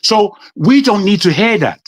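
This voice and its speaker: A man's voice: sits high, big pitch swings, moderate pace, slightly rough, no echo. A man from Nigeria with a British accent, speaking insistently as a guest in a heated debate. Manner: indignant, insistent, repeats for emphasis. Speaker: panel guest.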